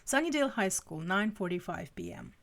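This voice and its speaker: A woman reads a story aloud on a live stream in an expressive way. She drops quick asides between passages. Her mid-pitched voice has a gravelly fry. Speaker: fanfiction reader.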